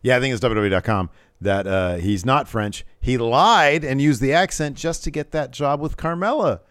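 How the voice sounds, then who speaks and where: A man's voice: mid-range voice, normal speed, fairly bright tone, clear, resonant tone, no echo, clean studio sound. A man co-hosting a live-streamed podcast, recapping wrestling in a rambling, casual way with lots of fillers. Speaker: podcast co-host.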